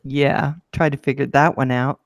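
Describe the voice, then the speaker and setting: A woman co-hosting a casual chat show, telling a lively story and acting out the people in it. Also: moderate pace, no echo, studio quality. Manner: lively storyteller, acts out quotes in a high voice. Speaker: show co-host.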